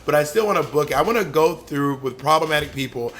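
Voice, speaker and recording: A man co-hosting a podcast with a bright, forceful voice, teasing his friend and giving advice. A faint hiss runs under the recording. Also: fairly high pitch, expressive, fast talker. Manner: teasing and playful, gives advice. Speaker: podcast co-host. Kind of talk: casual chat.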